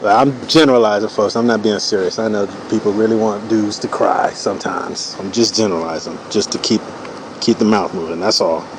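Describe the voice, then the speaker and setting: A man's voice: lowish voice, fairly even intonation, a little fast, background noise. A man in his forties riffing through a loose, profane comedic monologue while he draws cartoons, full of "you know" fillers. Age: 40s. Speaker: streamer drawing cartoons.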